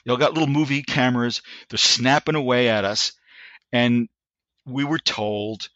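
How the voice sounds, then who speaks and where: A man in his sixties tells a story in a bright, forceful voice, full of restarts and acted-out quotes. The recording is dry and slightly dull, like a modest podcast setup. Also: mid-range voice, normal speed, dry recording. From United States. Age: 60s. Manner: animated, frequent restarts, acts out quotes. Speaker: guest, Army veteran. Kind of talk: anecdotal storytelling in a podcast interview.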